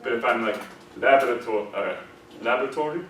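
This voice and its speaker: A man's voice: medium pitch, fairly quick. A man teaching a classroom diction lesson on British pronunciation for singers, conversational and demonstrating vowel sounds aloud, often checking that students follow. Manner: conversational, checks understanding with frequent "okay?" and "right?". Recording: echoey room, mic far off, faint noise.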